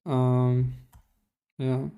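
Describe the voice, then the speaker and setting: Young male streamer, mid pitch, smooth clear voice, profane rambling commentary. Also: monotone, extremely slow, muffled recording. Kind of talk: casual livestream commentary.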